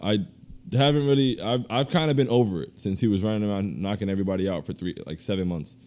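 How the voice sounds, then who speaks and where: A man co-hosting a casual podcast, ranting in animated, slangy bursts and laughing through his complaints. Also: fairly low pitch, fast talker. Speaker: podcast co-host.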